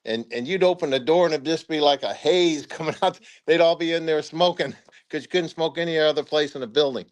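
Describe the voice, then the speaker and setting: An older man, a retired army officer being interviewed, telling stories in a rambling, halting way with chuckles. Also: on the high side. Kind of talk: casual spoken storytelling interview.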